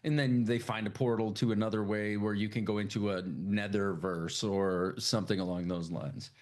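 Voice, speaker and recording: A man with a fairly low voice co-hosts a podcast in loose, rambling chat. He swears freely and laughs often as he talks. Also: little pitch movement, normal speed, a little mellow. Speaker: podcast co-host. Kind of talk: casual chat.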